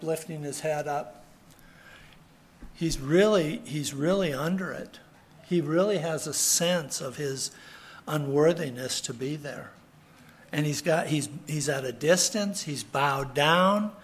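A man preaching a sermon in an earnest way, repeating his key phrases for emphasis. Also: a little high. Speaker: pastor.

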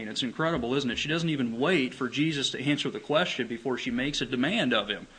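A man preaching a sermon in an earnest way, asking rhetorical questions and stressing words gently. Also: medium pitch, quick pace, few pauses, husky, rough recording. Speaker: pastor.

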